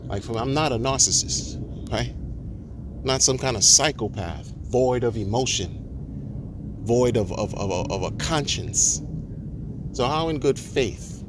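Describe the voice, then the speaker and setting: Speaking at a measured pace with background noise behind him, this man delivers an indignant monologue to camera about crypto. His medium-pitched voice is expressive, and he stammers through restarts and repeats points as his argument grows.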